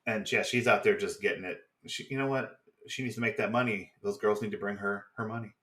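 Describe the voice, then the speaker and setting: A man co-hosting a podcast, casually recapping a TV episode with swearing and quick mock voices of the characters. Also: on the low side, fairly even intonation, a bit bright. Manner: swearing, chatty, acts out quick impressions. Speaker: podcast co-host.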